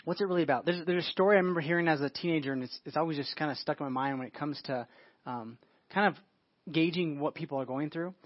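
Fast-talking preacher with a dull, dry sound. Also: male voice, on the high side, no room sound. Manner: informal, restarts phrases, asks the listeners questions. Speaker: pastor. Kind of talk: conversational sermon.

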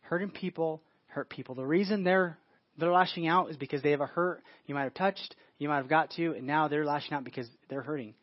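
Male pastor, rapid informal sermon delivery that keeps restarting phrases, dry close recording. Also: fairly high pitch, no echo, lo-fi sound. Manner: informal, restarts phrases, asks the listeners questions. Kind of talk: conversational sermon.

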